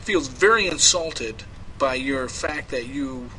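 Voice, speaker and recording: A man's voice: mid-range voice, expressive, slow pace, pushed and bright, a little hiss or hum, low-quality recording. A man hosting a group prank call, chatting casually with swearing and frequent laughter. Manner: laughing often, swearing, mock-stern threats. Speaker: host of prank calls. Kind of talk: casual chat and prank calling.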